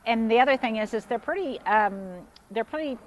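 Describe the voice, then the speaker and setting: A woman's voice: on the high side, animated, moderate pace, slight background noise. A woman hosting a casual garden tour outdoors, gushing with praise as she walks and talks. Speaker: host touring a garden. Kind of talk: casual chat.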